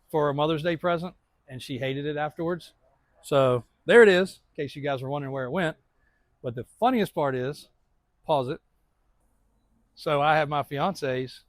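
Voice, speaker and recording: A man's voice: fairly high pitch, no room sound. A man in his thirties, a truck shop owner, rambling through a casual walkaround update of his lot, laughing often.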